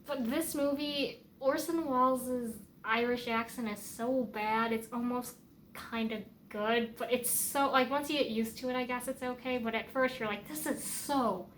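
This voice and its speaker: A woman's voice: a little high, fairly even intonation, moderate pace, a little hiss or hum. A woman giving casual, rambling film commentary as a vlogger, chatty and opinionated, with many fillers and restarts.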